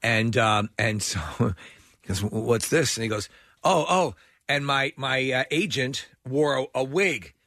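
A man's voice: medium pitch, a little slow, no room sound, studio quality. A man hosting a radio show, telling stories in casual banter and laughing often. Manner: animated storyteller who laughs often.

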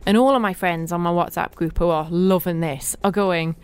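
A woman presenting on a radio show, telling animated, laughing anecdotes in a chatty way in a studio. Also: on the low side, normal speed, clear, resonant tone. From Britain.

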